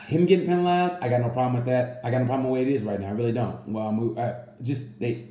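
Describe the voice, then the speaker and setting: A man giving a casual, rambling comedic monologue that reviews a motorcycle race, full of animated asides. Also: medium pitch, fast, echoey room.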